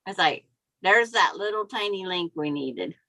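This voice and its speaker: A woman's voice: on the low side, expressive, normal speed, vocal fry, pushed and bright, no echo, rough recording. A woman hosting a quilting live stream, chatting casually and explaining her sewing steps. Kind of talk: casual chat. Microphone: computer mic on a video call.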